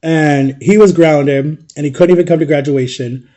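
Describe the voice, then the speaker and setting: A man's voice: fairly high pitch, moderate pace, warm tone. Chatty young man telling a story. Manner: chatty, acts out quoted dialogue, often tags "right?". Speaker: vlogger. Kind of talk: casual storytime.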